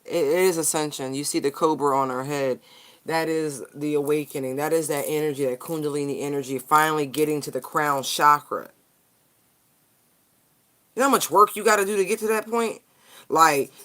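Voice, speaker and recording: A person giving a casual tarot card reading straight to viewers, animated, slangy and profane. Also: medium pitch, normal speed.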